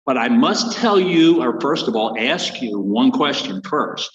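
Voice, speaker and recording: A man's voice: medium pitch, lively intonation, a little slow, close to an everyday voice. Magical talking frog, told by an older man at a lunch, folksy joke delivery, dull echoey hall. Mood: bargaining. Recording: muffled echoey banquet hall.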